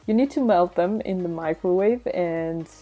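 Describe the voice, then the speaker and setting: An Italian woman talks through a homemade slime tutorial in a relaxed, chatty way. Her accent is plain, and she often laughs softly between steps. Quiet background music plays under her voice. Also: lowish voice, moderate pace. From Italy. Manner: chatty, giggly, explains step by step. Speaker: slime-making vlogger. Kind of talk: casual tutorial narration.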